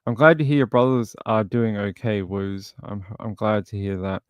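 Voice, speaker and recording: A man's voice: fairly low pitch, fairly even intonation, moderate pace, smooth, no room sound. A man hosting a casual livestream, chatting and thinking aloud as he scrolls through material. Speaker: livestream host.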